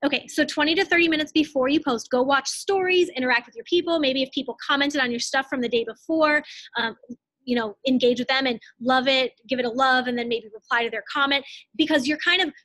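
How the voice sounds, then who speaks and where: A young woman in her twenties coaching her team in a live online training, talking fast and casually with lots of "like"s and blunt asides. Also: high-pitched, sharp tone, no room sound. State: out of breath.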